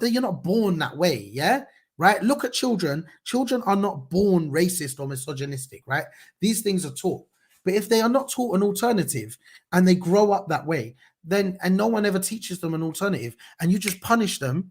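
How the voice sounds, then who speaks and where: A man's voice: sits high, husky. A man hosts a casual news commentary, talking passionately and conversationally with many fillers and restarts. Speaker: news show host.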